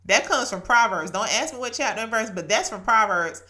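This woman, late thirties to forties, hosts a podcast with a slightly high, expressive voice, a sharp tone and a brisk pace. Her devotional talk is sincere and talkative, and she laces it with laughter and scripture quotes.

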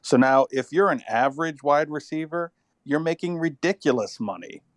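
A man's voice: a little high, moderate pace, no echo, clean studio sound. A man co-hosting a casual football podcast, rambling and thinking aloud, tired after an illness. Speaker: podcast co-host. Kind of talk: casual sports chat.

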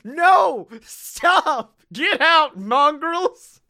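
A man's voice: extremely high pitch, expressive, drawn-out words, sharp tone, pitched above the performer's own voice, heavily acted. A man doing a shrieking, crazed rat mascot. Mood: screaming. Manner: shrieking, frantic. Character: screaming armed male rat mascot.

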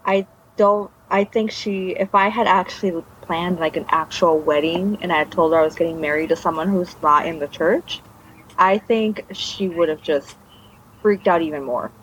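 A woman's voice: on the low side, normal speed, a little hiss or hum. A woman guest telling her personal story in a casual interview, meandering with trailing restarts. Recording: dull lo-fi recording.

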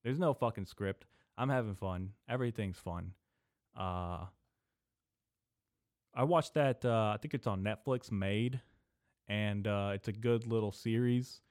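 A young man hosting a casual solo podcast, rambling and swearing, drifting between mumbled asides and loud venting into a desk microphone. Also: fairly low pitch, measured pace, long pauses, no room sound, studio quality. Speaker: podcast host. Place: small indoor room.

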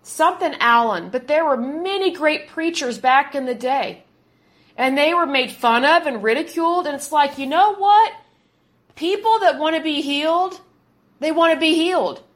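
A woman in her late thirties with a high voice delivers her commentary with fired-up conviction. She hammers her points home by repeating key words, her tone indignant and insistent throughout. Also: moderate pace, fairly bright tone. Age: 30s. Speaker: podcast host. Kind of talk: opinionated commentary.

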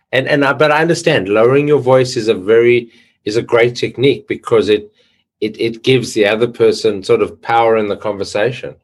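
A man hosts a sales interview. He often restarts and repeats words while he works toward his question. His voice sits at a middle pitch. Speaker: podcast host. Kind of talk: interview chat.

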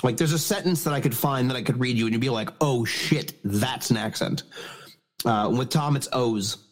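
A man's voice: medium pitch, quick pace. A Canadian man co-hosting a podcast in casual chat, blunt and swearing often. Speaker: podcast co-host.

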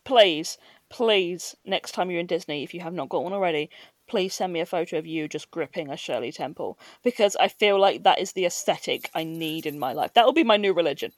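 A woman hosting a podcast, chatting casually with quick asides and frequent laughs. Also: on the low side, no echo. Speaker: podcast host. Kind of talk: casual chat.

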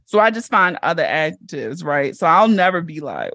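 A woman's voice: sits low, sing-song, normal speed, fairly bright tone, no echo, studio quality. A woman hosting a podcast in casual chat, blunt and laughing often. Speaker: podcast host.

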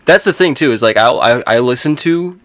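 A man's voice: medium pitch, expressive, a little fast, a bit bright, no room sound. Laid-back man, dry close sound. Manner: loose, rambling, swears freely, laughs often. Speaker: podcast co-host. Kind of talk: casual chat.

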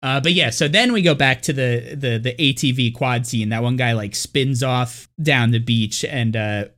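A man's voice: medium pitch, normal speed, fairly bright tone. A man co-hosting a casual movie podcast, rambling with lots of fillers and now and then putting on mocking voices for the characters. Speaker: podcast co-host.

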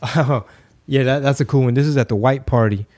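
A man from Texas telling stories in a casual talk show, lively and swearing freely. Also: mid-range voice, a little fast. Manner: animated, swears freely, acts out quotes. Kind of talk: casual storytelling.

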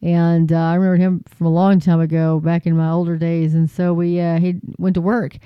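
A folksy faith vlogger rambling to the audience, full of fillers and asides, turning preachy now and then. The voice is smooth and even-pitched. The recording is dry and a bit muffled. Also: fairly quick, dry recording. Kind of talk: casual chat to camera.

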